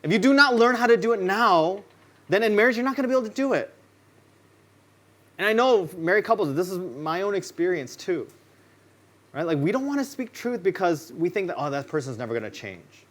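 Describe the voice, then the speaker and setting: A man preaching in church with a somewhat high voice. He keeps the sermon loose and chatty, like he's talking with friends. He drops into quoted lines from his own stories and acts them out. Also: animated, a little fast, pauses often, a bit bright. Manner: casual, conversational storytelling. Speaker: pastor.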